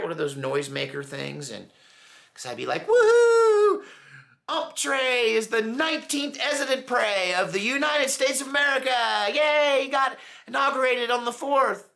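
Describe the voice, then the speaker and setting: A middle-aged commentary channel host with a gravelly, sharp, mid-range voice tells stories in a casual, rambling way. He mimics voices as he goes and laughs at his own jokes.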